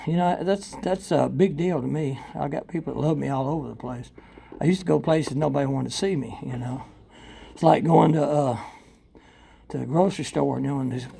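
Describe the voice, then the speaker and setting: An older man with a gravelly, slightly high voice shares his recovery story with a live audience at a convention workshop. He's blunt, profane and candid, rambling with fillers, laughing often, his volume swinging between loud and quiet.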